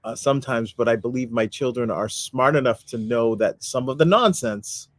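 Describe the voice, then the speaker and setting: A man's voice: medium pitch, normal speed, no echo. A man co-hosting a casual chat, answering with dry, wry quips. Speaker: podcast co-host.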